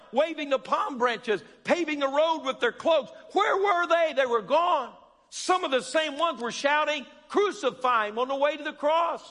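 A man preaching a sermon, calling out to the congregation and rising to shouts. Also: very high-pitched, in a large hall.

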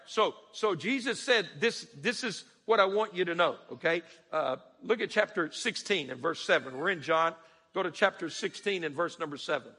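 Male preacher with a high, forceful voice and a husky edge, in a church hall with long reverb. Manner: preaches with dramatic rising questions and sudden soft drops. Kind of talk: sermon.

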